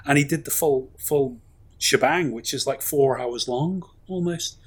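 Husky man chatting about films. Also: mid-range voice, a little slow. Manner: rambling, enthusiastic, lots of fillers. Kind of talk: casual film chat.

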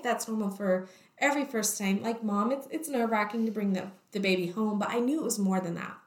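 A woman's voice: mid-range voice, echoey room. A young woman telling a personal story in a chatty way, acting out what others said, with many "like" fillers. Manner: talkative, acts out quoted voices, many "like" fillers.

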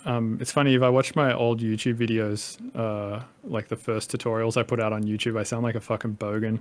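A man's voice: fairly low pitch, little pitch movement, fairly quick. A man in his thirties from Australia with a light Australian accent, a podcast guest talking casually in a rambling way and swearing freely.

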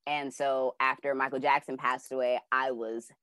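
A woman's voice: very deep voice, little pitch movement, normal speed, fairly bright tone, no echo. A young adult woman telling a personal story casually and with animation, acting out her own reactions and using many fillers. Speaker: class participant sharing a dream.

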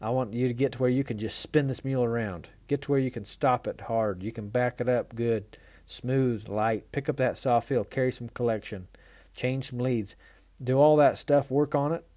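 A man's voice: mid-range voice, moderate pace, warm tone, no room sound. A man who hosts a mule training tips show, telling a folksy, self-mocking story with frequent laughter and then turning it into a riding lesson.

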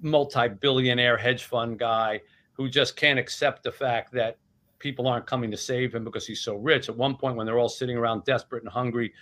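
A man's voice: medium pitch, steady tone, fairly quick, pushed and bright. A man in his sixties, an author talking casually about his book in an interview. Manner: chatty, retelling scenes with voices. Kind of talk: animated storytelling in conversation.

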